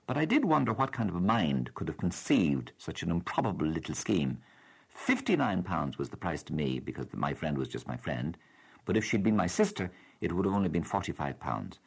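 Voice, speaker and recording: Deep husky Irish radio host. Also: male voice. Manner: wry, reads letters with lively expressive delivery. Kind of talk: reading out listener letters and replying. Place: radio studio.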